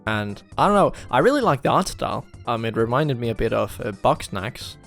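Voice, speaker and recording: A man's voice: medium pitch, big pitch swings, brisk, creaky, a bit bright, faint music behind. A man giving easygoing, slightly hesitant opinions in a casual chat about games. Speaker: guest.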